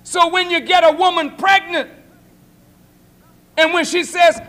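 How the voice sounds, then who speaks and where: A man preaching a sermon lecture as minister, shouting for emphasis and acting out the voices of others. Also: extremely high pitch, steady tone, measured pace, long pauses. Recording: 1980s lecture hall recording.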